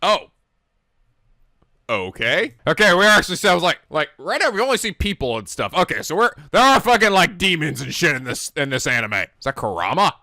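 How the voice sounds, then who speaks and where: Animated, high-voiced reaction host. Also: male voice, a little fast, no echo. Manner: animated, laughs often, swears, exclaims. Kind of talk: casual reaction commentary.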